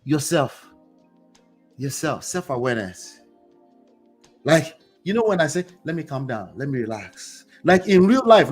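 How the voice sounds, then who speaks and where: A man hosts a motivational commentary show and preaches to his viewers with lots of energy. His voice sits high for a man. Faint music plays under his talk. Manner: preachy, animated, talks to the audience directly. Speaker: host.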